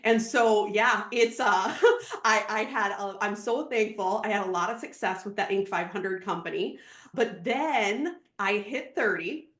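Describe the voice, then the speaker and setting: A woman in her thirties from Minnesota, a podcast guest telling her story in an animated, laughing way. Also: mid-range voice, measured pace. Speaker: podcast guest, real estate agent. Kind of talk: casual storytelling interview. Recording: roomy echo.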